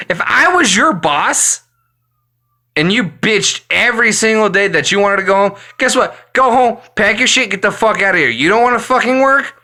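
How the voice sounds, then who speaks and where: A man delivers an exasperated, profanity-laced rant straight to his viewers. His voice sits a little high and sounds bright and forceful. He talks bluntly, like someone completely fed up. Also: lively intonation, normal speed. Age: adult, works full time. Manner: angry, swearing constantly, exasperated. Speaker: vlogger. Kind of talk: profane ranting monologue.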